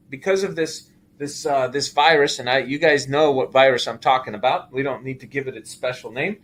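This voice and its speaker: A middle-aged man hosting casual market commentary, animated and exclaiming as he walks through figures. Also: medium pitch, a little fast. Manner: animated, exclaiming and laughing at the numbers. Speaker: show host.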